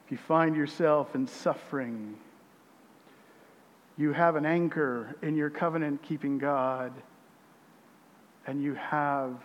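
A man preaching a sermon as pastor, reading scripture with emphasis, his voice swelling loud and then dropping quiet. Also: fairly high pitch, in a large hall, dull audio.

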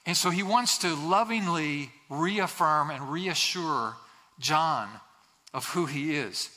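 A man's voice: fairly high pitch, pushed and bright. A man preaching a sermon as a pastor, earnest and repeating key phrases for emphasis, sometimes acting out quoted voices. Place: church sanctuary. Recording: long hall reverb.

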